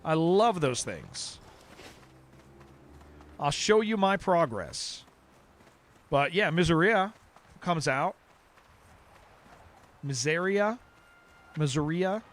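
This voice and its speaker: This game streamer's voice sits on the high side and is a bit bright, very animated but slow, with long pauses. His casual livestream chat wanders and often starts over mid-sentence, and "dude" comes up constantly.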